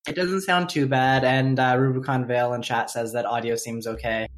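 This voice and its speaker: A man's voice: medium pitch, fairly even intonation. A man from Canada co-hosting a podcast in casual chat, often stumbling and restarting his sentences. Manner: halting, stammering restarts. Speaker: podcast co-host.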